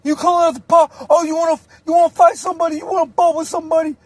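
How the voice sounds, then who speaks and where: A man voicing a blustering adult male inmate who talks tough and then quickly backs down. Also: little pitch movement, dry recording. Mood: challenging. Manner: high, defensive, quick backpedaling.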